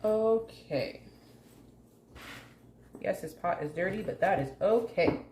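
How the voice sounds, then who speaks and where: A woman's voice: lowish voice, expressive, slow, a little mellow. A woman hosting a casual home plant-care vlog, chatty and jokey, talking to her plants as she works. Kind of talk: casual hands-on vlog chat. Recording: echoey room with faint hum.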